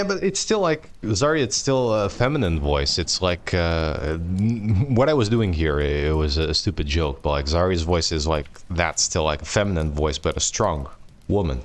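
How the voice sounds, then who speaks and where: A deep-voiced man reads a novel aloud on a live stream, then drifts into casual chat. He talks in an unhurried, laid-back way, swearing and laughing often. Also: expressive.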